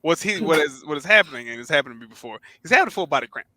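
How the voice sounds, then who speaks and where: A man co-hosting a podcast, telling a long story in casual chat, acting out quotes loudly and swearing freely. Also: on the high side, expressive, racing, no room sound. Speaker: podcast co-host.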